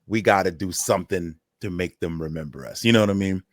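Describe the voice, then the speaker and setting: With a deep voice and a quick pace, a male podcast co-host tells stories in casual conversation, acting out the voices of the people he quotes. The studio sound is clean, with no echo.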